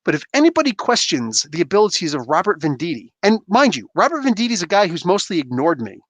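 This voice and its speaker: Emphatic, animated man ranting about comics. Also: high-pitched, quick pace, dry recording. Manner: emphatic, rambling, fan banter. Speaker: comic book reviewer, livestream host. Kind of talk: casual livestream rant.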